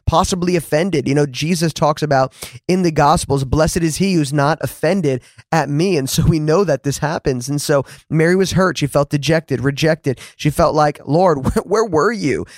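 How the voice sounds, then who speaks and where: A man's voice: on the high side, moderate pace, no room sound. A man hosting a Christian podcast, teaching on scripture in an earnest, conversational way, often checking in with "okay". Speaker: podcast host and Bible teacher.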